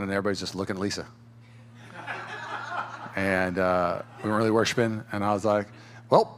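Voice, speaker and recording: A young man who pastors a church, preaching a sermon in his sanctuary with animated storytelling and frequent filler words. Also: on the low side. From California, USA.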